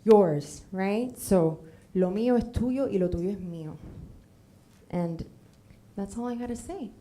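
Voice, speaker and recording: A woman from Miami, in her thirties, stands on a theater stage recounting a humorous story from her life and playing out the voices of the people in it. She speaks at a measured pace with a warm, medium-pitched voice, and there's a little hiss or hum.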